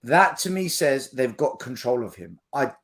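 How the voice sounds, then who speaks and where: A man's voice: medium pitch, sing-song, moderate pace, fairly bright tone. A man hosting a casual podcast chat, blunt and emphatic as he gives his opinions. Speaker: podcast host.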